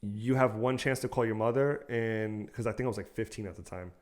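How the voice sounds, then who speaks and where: A man's voice: fairly low pitch, a little fast. A young man co-hosting a podcast, telling a personal story in casual chat, swearing freely and acting out the people he quotes. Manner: animated, swears often, acts out quotes. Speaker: podcast co-host.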